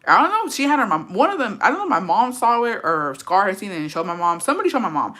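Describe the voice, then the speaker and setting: A woman's voice: mid-range voice, very animated, very fast, bright, forceful tone. A young woman telling a personal story in a casual vlog, blunt and swearing a lot, rambling with fillers and slipping into Spanish.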